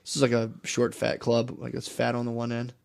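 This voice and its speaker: A man's voice: mid-range voice, monotone, fairly quick, vocal fry, clear, resonant tone. Rambling man telling stories on a podcast. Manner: rambling, storytelling, swears, trails off. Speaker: podcast co-host. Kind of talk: casual banter.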